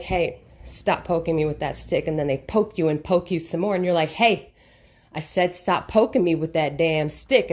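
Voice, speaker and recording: A young adult woman vlogger telling a personal story in a casual, emotional and emphatic way. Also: medium pitch. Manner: emotional, emphatic, animated retelling.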